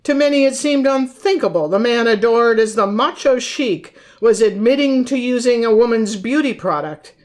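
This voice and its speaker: A woman co-hosting a podcast, reading aloud from her own book and old news clippings in a measured way, naming and quoting her sources. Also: fairly high pitch, a little mellow. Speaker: podcast co-host and author. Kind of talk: reading aloud from research notes.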